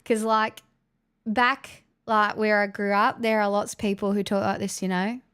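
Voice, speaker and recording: Woman putting on a broad aussie loudmouth, nasal and crude, swearing as she rants on, smooth clear voice underneath. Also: medium pitch, level tone, normal speed, natural voice. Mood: blustering. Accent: broad Australian. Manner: crude, swearing, rambling ranting. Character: brash loudmouthed ocker Australian ranter.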